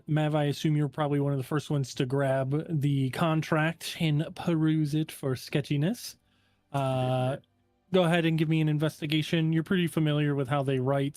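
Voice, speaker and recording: A man acting as game master, explaining a contract to the players in a relaxed, halting way with many fillers. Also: a little high, dry recording. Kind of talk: narrating a tabletop game.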